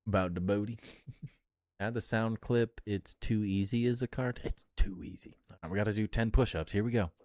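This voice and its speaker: A man's voice: lowish voice, moderate pace, a little mellow, no room sound, faint music behind. A man streaming a game live, chatting casually and joking back at his chat.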